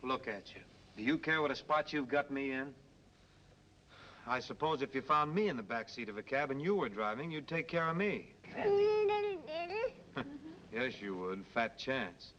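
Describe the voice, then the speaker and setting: An actor playing an easygoing young cab driver and crooner, breezy and joking, in a 1930s film. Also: male voice, mid-range voice, animated, normal speed, close to an everyday voice. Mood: teasing. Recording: dull old film soundtrack with hiss.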